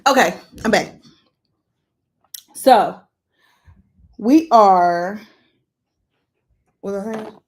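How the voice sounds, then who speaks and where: A woman chatting casually in a storytime vlog, retelling events in a lively way while doing her makeup. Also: very slow, pauses often. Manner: lively, animated retelling with sudden jumps in pitch and volume. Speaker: vlogger telling a story.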